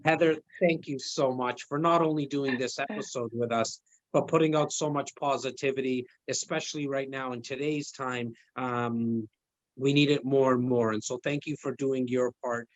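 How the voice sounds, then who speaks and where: A man hosts a podcast interview in a friendly, appreciative way with light joking. His pitch is middle-range. The recording is dry and somewhat dull. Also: fairly even intonation, normal speed, dry recording. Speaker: podcast host.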